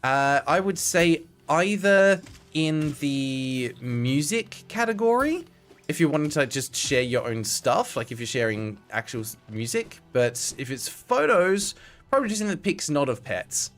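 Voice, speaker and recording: A man's voice: fairly high pitch, sing-song, unhurried, fairly bright tone, faint music behind. A young man streaming a game, chatting to viewers with wry asides and the odd swear. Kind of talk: casual live-stream gameplay commentary.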